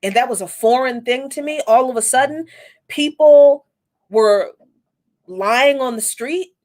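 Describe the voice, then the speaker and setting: Host, woman in her forties, fairly high voice, candid reflective storytelling, swears casually. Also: measured pace, darkish tone. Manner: reflective, candid, with frequent restarts and casual profanity. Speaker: podcast host. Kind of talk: personal storytelling monologue.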